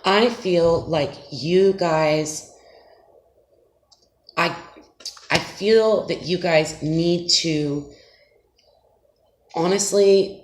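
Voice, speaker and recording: A woman giving a casual tarot reading to her viewers, speaking gently and soothingly with many fillers and check-ins. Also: on the low side. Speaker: tarot reader. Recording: echoey room with faint noise.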